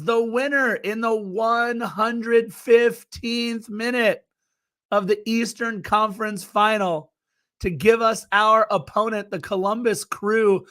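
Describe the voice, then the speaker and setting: High-pitched guy hyped up on a late-night soccer podcast, chatty and excitable. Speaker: podcast co-host. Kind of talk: casual podcast chat.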